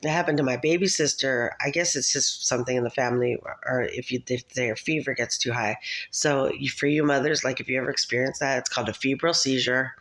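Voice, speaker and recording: Chatty rambling mom vlogging. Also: female voice, rumbling low, steady tone, fairly quick, fairly bright tone, rough recording. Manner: chatty, scattered, laughs often. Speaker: vlogger, mother. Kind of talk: rambling casual monologue.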